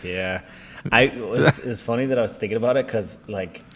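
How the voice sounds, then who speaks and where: A man's voice: lowish voice, a little fast. A man co-hosting a podcast in casual chat, laid-back, swearing and laughing often. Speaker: podcast co-host.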